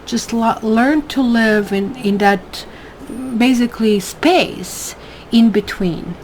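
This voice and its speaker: A woman's voice: a little high, slow, a little hiss or hum, poor audio. A woman reading tarot cards at a table at home in a casual monthly forecast, chatty and emphatic, often asking "right?". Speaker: tarot reader.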